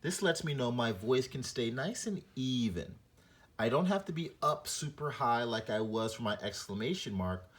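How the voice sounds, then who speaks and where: This reading lesson comes from a man with a medium-pitched voice at normal speed. He explains punctuation and performs a short story aloud, first flat, then with expression.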